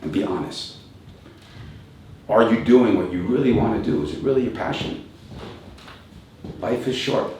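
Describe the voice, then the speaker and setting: A man in his fifties with a fairly low voice, speaking as a coach to a live audience. He is reflective, poses rhetorical questions and chuckles along the way. He is heard from a distance in a very echoey room with faint background noise. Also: moderate pace, long pauses, a little mellow. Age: 50s. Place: event venue with a live audience.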